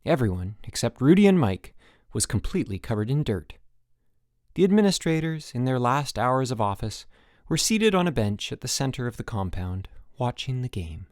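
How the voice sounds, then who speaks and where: A lively male audiobook narrator. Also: medium pitch, normal speed, dry recording, studio quality. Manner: lively storytelling. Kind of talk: scripted narration.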